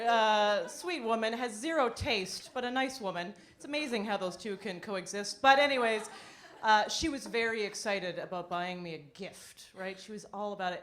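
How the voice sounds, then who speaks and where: A woman performing a stand-up comedy set on a club stage, wry and self-deprecating, breaking into animated impressions. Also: medium pitch.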